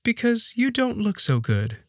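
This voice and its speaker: A polite, worried house maid, as a male narrator puts her on, lifting into a high, careful voice. She stays deferential and keeps calling him sir. The audiobook sound is dry and close. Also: very animated, measured pace, no room sound, exaggerated voice. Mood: concerned. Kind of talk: audiobook character voice.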